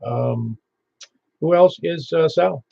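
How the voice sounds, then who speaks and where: A man hosting a ham radio net in casual chat, chatty and quick to tell stories. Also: a little high, creaky, dark tone, a little hiss or hum. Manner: chatty, storytelling, laughs easily. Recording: muffled lo-fi radio audio.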